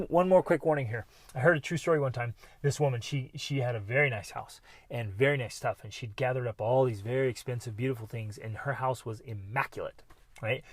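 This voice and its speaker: A middle-aged man hosting a motivational podcast, talking earnestly and breaking into bursts of excitement. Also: mid-range voice, no echo. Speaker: podcast host.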